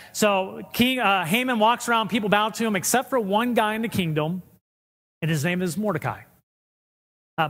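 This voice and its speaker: A man's voice: sits high, fairly bright tone, big-room sound. A man preaching a sermon as pastor, retelling scripture in casual, paraphrased speech.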